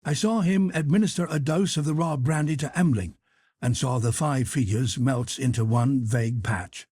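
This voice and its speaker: A man narrating an audiobook in a measured, even storytelling manner. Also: medium pitch, husky, no echo. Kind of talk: scripted narration.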